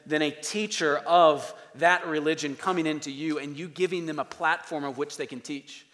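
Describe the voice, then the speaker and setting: Higher-voiced man preaching in a hall. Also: fairly bright tone. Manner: conversational, emphatic preaching with repeated phrases. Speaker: pastor. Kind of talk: sermon. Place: church sanctuary. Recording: long reverb of a large hall.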